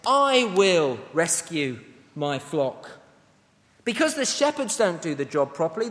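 A man with a notably high voice delivers a sermon in a church. He reads scripture passages aloud and breaks off for plain asides to the congregation. His words ring out with a long reverb from the hall. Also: a bit bright. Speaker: preacher.

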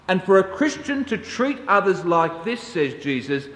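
A man preaches a sermon at an unhurried pace, his fairly high voice telling stories in a measured way. The sound rings with long reverb, as if from a large hall heard at some distance. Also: very animated, a bit bright. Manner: slow, measured storytelling. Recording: echoey hall, distant mic.

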